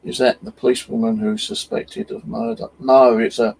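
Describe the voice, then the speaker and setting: A man's voice: mid-range voice, flat delivery, moderate pace, a little mellow, slightly rough, poor audio. A British man hosting his own channel, telling a rambling, sweary story full of fillers in a casual live-stream chat. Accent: British English. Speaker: channel host.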